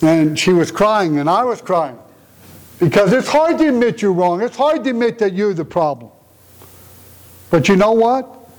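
A man's voice: high voice, darkish tone, low-quality recording. A man preaching a conversational sermon in an earnest, emotional way, often asking rhetorical questions. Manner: emotional, tender-hearted delivery.

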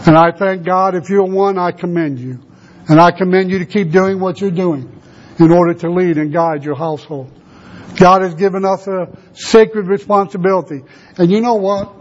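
A man in his sixties preaching a sermon to fathers, earnest and slowing down to stress key words. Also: sits high, dull audio, slight background noise. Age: 60s. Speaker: pastor.

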